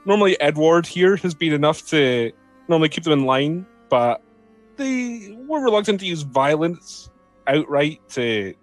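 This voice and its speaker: A man's voice: fairly high pitch, animated, unhurried, faint music behind, pitched above the performer's own voice. A man voicing a jittery, nervous young woman clerk who stammers and apologizes.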